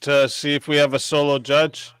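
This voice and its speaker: A man moderating a live-streamed debate, measured and addressing the chat directly. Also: on the high side, flat delivery, a bit bright, smooth, dry recording.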